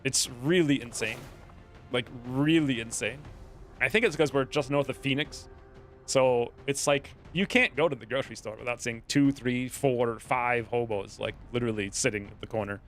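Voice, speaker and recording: A man's voice: mid-range voice, normal speed, faint music behind. A man streaming a strategy game, chatting casually and drifting into stories while he plays. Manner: rambling, distracted, storytelling asides. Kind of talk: casual gameplay commentary.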